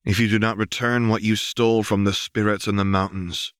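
A man voicing a stern vengeful spirit who speaks in measured, solemn declarations. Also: lowish voice, level tone, fairly bright tone, clean tone, dry recording, studio quality, close to an everyday voice. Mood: menacing. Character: calm vengeful male spirit, the Wraith, stern.

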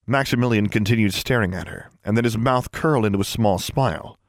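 A man reads an audiobook in a steady, measured way. His voice sits low, and the recording is dry and close, with no room around it. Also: dry recording. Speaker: audiobook narrator. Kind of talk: scripted audiobook narration.

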